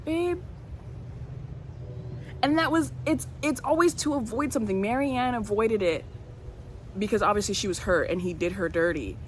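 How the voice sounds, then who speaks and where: A woman talking casually in a reading vlog, chatty and expressive, with plenty of fillers and restarts. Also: medium pitch, brisk, slight background noise. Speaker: book vlogger.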